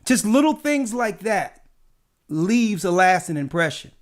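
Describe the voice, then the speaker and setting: A man with a fairly high voice tells stories from his travels in an easygoing chat. He is a church elder who keeps checking in with his listener with "right?" as he goes. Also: unhurried. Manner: animated anecdotes with frequent "right?" asides. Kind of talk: casual storytelling chat.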